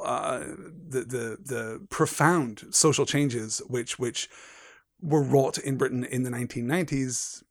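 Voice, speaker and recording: A man's voice: medium pitch, dry recording, clean studio sound. A man hosting a book-discussion stream, talking in full sentences and often repeating words while he builds a point. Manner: articulate, repeats words as he gathers thoughts. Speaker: podcast host. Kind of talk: literary discussion and read-aloud.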